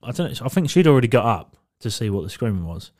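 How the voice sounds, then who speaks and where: Quick and sing-song, this medium-pitched male voice has a slightly mellow quality. He's co-hosting a podcast, spinning a loose, cursing tale while laughing throughout.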